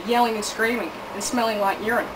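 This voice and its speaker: Australian woman, comic rant, sweary and sarcastic, slightly high voice, distant noisy recording. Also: steady tone, brisk. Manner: sweary, sarcastic, self-correcting ranting. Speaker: comic vlogger. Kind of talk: comic monologue.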